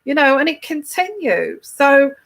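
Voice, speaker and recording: Slow-talking, emphatic woman giving advice. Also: high-pitched, very animated, vocal fry, fairly bright tone. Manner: emphatic, repeats herself, frequent restarts. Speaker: tarot reader. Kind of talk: casual advice to a viewer.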